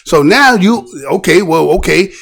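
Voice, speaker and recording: High-pitched, animated male commentary host. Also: moderate pace, creaky. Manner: animated, preachy, rhetorical questions. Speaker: show host. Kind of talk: commentary on a news video.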